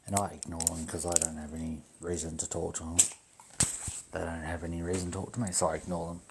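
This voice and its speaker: Gravelly, deep-voiced man. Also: little pitch movement, fast, background noise. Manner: blunt, profane, indignant. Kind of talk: casual storytelling to viewers.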